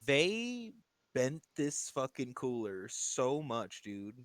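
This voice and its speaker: A man's voice: medium pitch, very animated, slow, no room sound. A man co-hosting a podcast, chatting casually and reacting with the odd curse. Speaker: podcast co-host. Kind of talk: casual chat.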